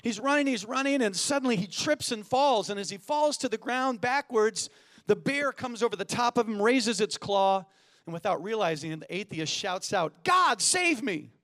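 A middle-aged man from California preaching a sermon as a guest pastor, energetic and joking, calling for amens. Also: high voice, moderate pace.

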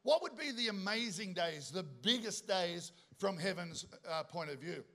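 Middle-aged man, high-pitched, lively joking preacher working the room. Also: moderate pace. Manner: animated, joking storyteller with asides to the congregation. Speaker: pastor. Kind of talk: sermon.

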